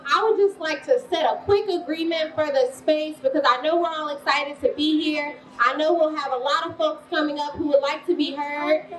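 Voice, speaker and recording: A woman's voice: sits high, slight background noise. A woman emceeing an awards ceremony, playful and commanding, leading the crowd in call-and-response. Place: event hall. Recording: roomy hall sound from far off.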